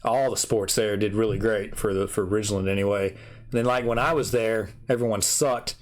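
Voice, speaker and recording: A man hosting a podcast, chatting casually and telling animated stories with frequent laughter and acted-out quotes. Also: lowish voice, normal speed. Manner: animated storyteller, laughs often, acts out his own quotes. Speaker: podcast host. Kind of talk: casual chat.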